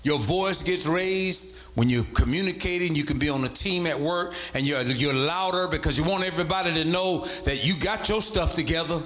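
A man preaching a sermon as a bishop, animated, repeating his points and calling out to the congregation. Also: moderate pace, few pauses, faint music behind. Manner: animated preaching, voice leaping up in pitch for emphasis; repeats phrases and calls out to the congregation. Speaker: bishop and pastor.

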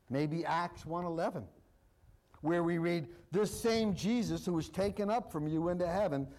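A man's voice: high-pitched, rough recording. A male pastor preaching a sermon, reading scripture aloud and repeating his points with emphasis.

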